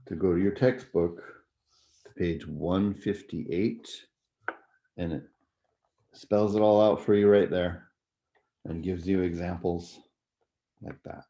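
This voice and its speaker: A man with a deep, mellow voice explains music theory concepts to his students in an easygoing lecture. He keeps checking that they follow along. The recording sounds muffled and lo-fi. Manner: explanatory, conversational, frequent "right?" and "okay?" checks.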